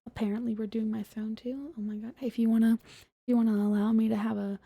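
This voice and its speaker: A young woman streaming as a VTuber, chatting softly and giggling in a half-whisper after an ASMR stream. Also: fairly high pitch, flat delivery, fast talker, creaky, breathy edge, no echo. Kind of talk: soft-spoken ASMR stream chat, often whispered.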